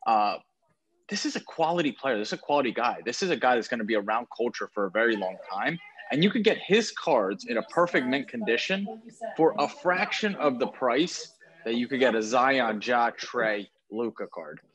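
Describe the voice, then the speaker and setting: Away from home on a trip, this man co-hosts a podcast and chats eagerly about sports cards, fixing his own slips along the way. He speaks at normal speed in a medium pitch while a crowd murmurs behind him.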